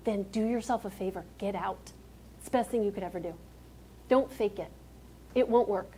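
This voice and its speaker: A woman's voice: mid-range voice, fairly quick, warm tone. A woman giving a motivational keynote speech on stage, talking emphatically and directly to a live audience. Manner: emphatic, direct, calls out to the crowd.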